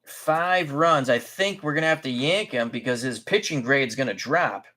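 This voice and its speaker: Expressive, bright and forceful, a mid-range male voice leads a tabletop baseball game with easygoing, talkative play-by-play, correcting himself as he moves along.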